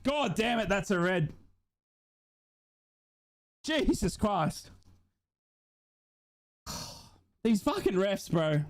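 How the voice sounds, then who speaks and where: A young man runs a live football watch-along, calling the action as an emotional, swearing fan. His voice sits high for a man. He talks straight to his viewers throughout the stream. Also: sing-song, drawn-out words, pauses often.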